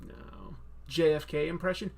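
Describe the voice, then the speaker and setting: A man's voice: on the high side, flat delivery, measured pace, a little mellow. A man hosting a casual live-stream Q&A about comics, chatty and rambling with many fillers. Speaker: comic book video host.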